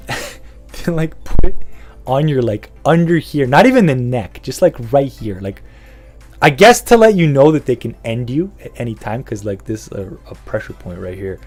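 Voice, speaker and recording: A man's voice: medium pitch, big pitch swings, normal speed, a little mellow, faint music behind. A man hosting a podcast, rambling through a profane, casual rant and laughing often. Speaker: podcast host.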